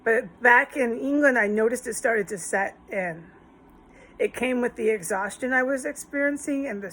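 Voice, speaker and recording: A woman's voice: on the low side, a little hiss or hum. A woman talking straight to her viewers in a rambling personal monologue, emotional and swearing often. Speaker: vlogger.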